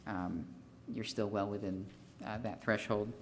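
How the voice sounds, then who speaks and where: Male consultant, lower voice, walks a council through numbers at a measured pace, filler-heavy delivery, light background noise. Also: steady tone. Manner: methodical, figure-heavy, frequent fillers and restarts. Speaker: consultant presenting a fee study. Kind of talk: formal presentation at a city council meeting.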